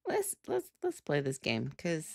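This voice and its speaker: Low, gravelly-voiced woman streamer rambling. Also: huge pitch swings, unhurried, a little mellow, slight background noise. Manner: rambling, full of "like" fillers and laughs. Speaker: live streamer. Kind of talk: casual chat.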